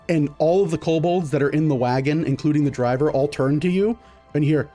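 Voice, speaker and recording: A man's voice: fairly high pitch, brisk, dark tone, soft background music. A man narrating a tabletop game as game master, in a loose, filler-heavy way.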